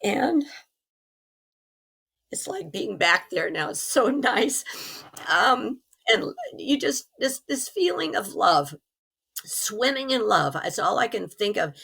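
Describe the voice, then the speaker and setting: A middle-aged woman, hoarse from recovering from pneumonia, telling a personal story as an interview guest in an earnest, animated way. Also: fairly high pitch, slow pace, long pauses.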